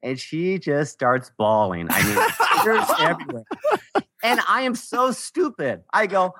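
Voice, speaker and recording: A man in his forties, a podcast guest, telling a story about his early mistakes with animated, self-mocking humor. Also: a little high, normal speed. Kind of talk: casual storytelling.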